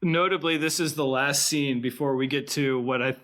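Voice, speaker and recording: A man's voice: medium pitch, normal speed. A man co-hosting a podcast, chatting casually about a movie, retelling scenes with animation and frequent laughter. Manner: animated storytelling, laughing often, acting out quotes. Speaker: podcast co-host. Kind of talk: casual film discussion.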